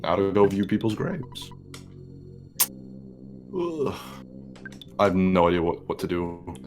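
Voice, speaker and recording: A man's voice: sits low, lively intonation, takes it slowly, darkish tone, faint music behind. A man casually chatting while playing a video game, mumbling and trailing off with fillers. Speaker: let's play host. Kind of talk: casual gaming chat.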